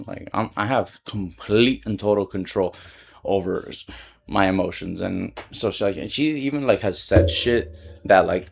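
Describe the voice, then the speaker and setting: A man's voice: low voice, measured pace, creaky, husky. A young man telling a personal story in a casual vlog, rambling and slangy, filling his talk with "like" and swearing freely.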